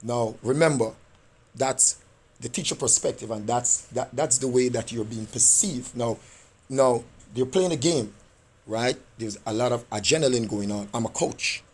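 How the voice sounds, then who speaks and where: A man's voice: mid-range voice, measured pace, breathy edge. A man who is a parent and coach, insistently arguing his case in a meeting with school staff and often checking in with "right?".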